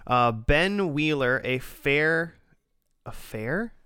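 A man's voice: fairly high pitch, lively intonation, drawn-out words, sharp tone, clean tone, no room sound, studio quality. A man co-hosting a casual podcast chat, joking and rambling with lots of fillers. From Minnesota. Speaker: podcast co-host.

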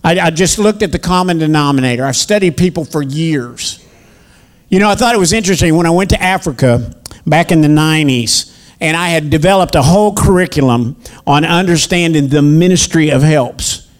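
A man preaches in a high voice. He tells folksy stories with chatty asides to his congregation, then reads scripture aloud in a teaching sermon style. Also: expressive, brisk. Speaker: minister and teacher.

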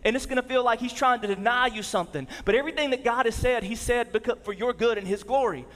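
A male pastor in his thirties delivers a storytelling sermon, his voice sitting high for a man. He moves between energetic emphasis and quiet, low passages. The sound carries the long reverb of a big hall. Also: fast.

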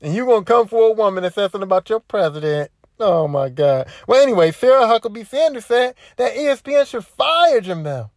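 A woman's voice: mid-range voice, lively intonation, fairly quick, hardly any pauses, darkish tone, no echo. A woman hosting a solo podcast, ranting in a casual, profane, repetitive way. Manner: profane, repetitive, worked-up commentary. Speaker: podcast host.

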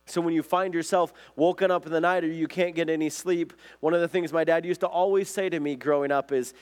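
A man's voice: on the high side, fairly even intonation, brisk, hardly any pauses. A man preaching a conversational sermon, earnest and often asking his listeners questions. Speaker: pastor.

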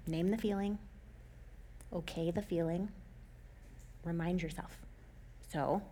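A woman's voice: lowish voice, fairly even intonation, takes it slowly, long pauses, warm tone. A woman in her thirties giving casual advice, talking conversationally, laughing often and acting out little quoted lines.

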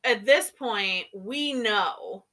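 Opinionated woman with a bright, high voice. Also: very slow. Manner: opinionated and exasperated, scolding the characters. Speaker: book discussion co-host. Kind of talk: casual book chat.

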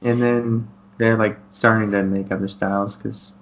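A man's voice: lowish voice, little pitch movement, moderate pace. A man from Texas co-hosting a casual beer podcast, chatty and self-deprecating, with lots of ums. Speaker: podcast co-host. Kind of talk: casual chat.

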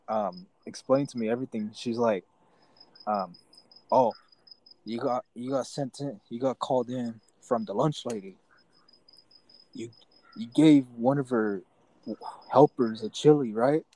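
Young man, casual chat, slangy, swears, storytelling, mid-pitched voice. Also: unhurried, long pauses, warm tone, low-quality recording.

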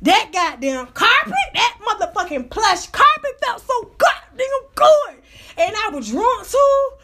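A woman with a high, bright voice telling a casual story on her show. She is profane, loose and animated, full of slang. She laughs easily along the way. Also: unhurried. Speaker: podcast host telling a story.

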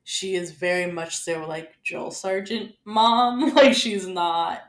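A young woman co-hosting a podcast in casual chat, animated and swearing freely as she acts out quotes. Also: lowish voice, takes it slowly, echoey room. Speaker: podcast co-host.

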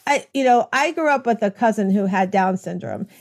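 An American woman conducts a chatty podcast interview at a normal speed, her medium-pitched voice rising and falling with lively intonation. She talks with enthusiasm in long, wandering runs, often restarting mid-thought.

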